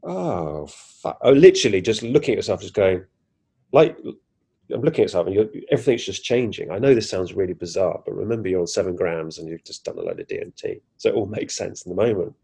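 A man's voice: low-pitched, quick pace, gravelly, warm tone, husky. A man, a podcast guest animatedly retelling a personal experience, acting out his own reactions with frequent restarts. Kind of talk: casual first-person storytelling.

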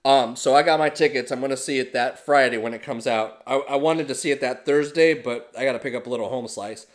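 A man co-hosting a casual podcast, telling stories in an animated, heavily profane way. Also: medium pitch, brisk. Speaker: podcast co-host.

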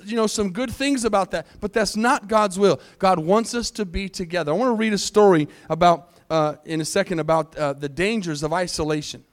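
A male pastor preaching a sermon to his congregation, energetic, asking the crowd questions and slowing down to read scripture. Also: sits high. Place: church sanctuary.

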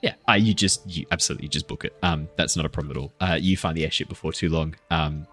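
A man's voice: rumbling low, quick pace, breathy edge, faint music behind. A man narrating as dungeon master, chatty and often laughing. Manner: laughing often, loose and animated. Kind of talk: narrating a tabletop game.

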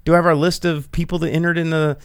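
A man's voice: on the high side, little pitch movement, fast, creaky, clean tone, no echo, clean studio sound. A young man hosting a podcast, ranting sarcastically in casual chat and swearing freely. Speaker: podcast host.

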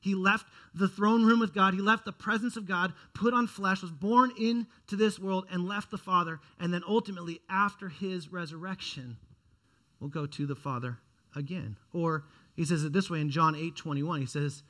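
A high-pitched young man delivers a sermon with earnest conviction. He restarts phrases often and swings between quiet, reflective stretches and louder, urgent pushes. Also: normal speed. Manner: earnest, repeats words and restarts phrases, dynamic rises and drops in loudness. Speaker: pastor.

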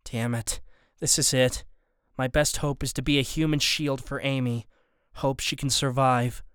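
A male audiobook narrator reading a first-person story in a steady, even voice. His tone is smooth and resonant, pitched in a plain middle range. The recording is close and bone-dry. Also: unhurried, no echo.

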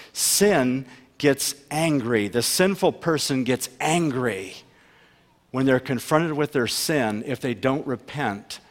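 A man preaching a sermon as pastor, emphatic, asking rhetorical questions and swinging between loud and soft delivery. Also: mid-range voice. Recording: long reverb of a large hall.

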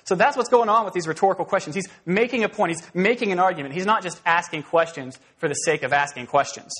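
A man preaching an expository sermon in a conversational, animated way, rising into emphatic bursts. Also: sits high, fast talker, husky. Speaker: pastor.

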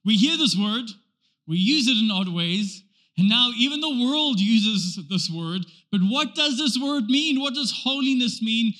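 A man preaching a sermon to a church, animated and emphatic, driving points home with repetition. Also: extremely high pitch, unhurried. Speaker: pastor.

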